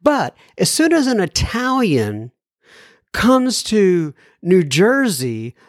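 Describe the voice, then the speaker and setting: A man's voice: high voice, huge pitch swings, takes it slowly, no room sound, studio quality. A middle-aged man hosting a recovery podcast, reading listener emails aloud and drifting into tangents he apologizes for. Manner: rambling, apologetic, goes off on tangents with chuckles. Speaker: podcast host.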